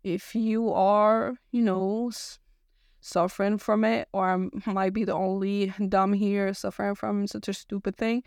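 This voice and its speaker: Young female podcast host, casual rambler, fry in the voice, dead dry sound. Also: medium pitch, level tone, a little slow, a little mellow, no echo. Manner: rambling, full of fillers and restarts. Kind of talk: casual solo podcast chat.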